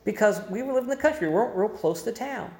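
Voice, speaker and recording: A man's voice: high voice, expressive, fast talker, a little mellow. A man preaching a sermon, explaining scripture in a conversational way and adding emphasis with quoted voices. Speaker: pastor. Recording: roomy echo.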